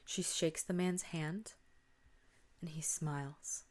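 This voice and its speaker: Podcast host, female, lowish voice, chatty spooky storyteller who whispers at the scary bits. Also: steady tone, takes it slowly, darkish tone. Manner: chatty, drops to a whisper at tense moments. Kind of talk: casual spooky story retelling.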